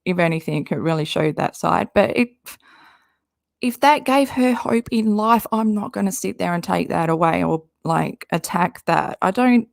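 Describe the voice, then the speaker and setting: A woman's voice: lowish voice, gravelly, darkish tone, dry recording, studio quality. A woman doing casual commentary, reading social media posts aloud with an exasperated, rambling manner and frequent swearing. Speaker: commentary YouTuber.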